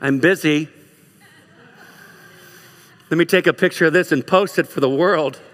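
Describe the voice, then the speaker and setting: Bright-voiced male pastor preaching in a hall. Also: on the high side, measured pace. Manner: animated, swings from loud urging to soft hushed lines. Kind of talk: sermon. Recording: long reverb of a large hall.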